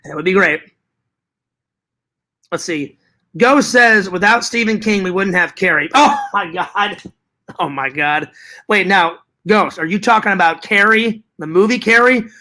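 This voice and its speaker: A man hosting a casual live stream, reading chat messages aloud and answering them in an animated, profane way that often repeats itself. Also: sits high, moderate pace.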